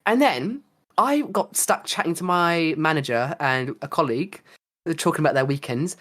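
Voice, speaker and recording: A young man hosting a casual podcast, telling his stories dramatically, with swearing and lively asides. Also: on the high side, normal speed. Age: young adult. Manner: animated, swearing, dramatic storytelling. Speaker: podcast host. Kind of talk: casual chat.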